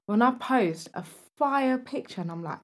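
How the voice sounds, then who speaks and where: A young woman co-hosting a casual podcast, excitable with sarcastic asides. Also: a little high, normal speed. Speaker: podcast co-host. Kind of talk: casual chat.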